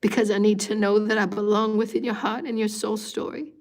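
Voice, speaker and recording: A woman's voice: mid-range voice, level tone, brisk, darkish tone. A woman hosting a live meditation and giving an intense spiritual talk. She repeats phrases in a pleading way and sometimes drops to a whisper.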